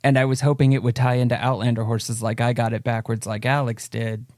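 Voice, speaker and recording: A man's voice: mid-range voice, little pitch movement, brisk, darkish tone, no room sound, studio quality. A man co-hosting a podcast, joking and rambling in casual chat. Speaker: podcast co-host.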